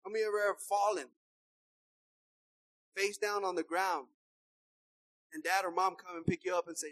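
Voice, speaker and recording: A woman preacher delivering a passionate sermon, repeating herself and swinging from soft asides to shouts. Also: on the low side, fairly even intonation, normal speed, long pauses, dry recording, low-quality recording.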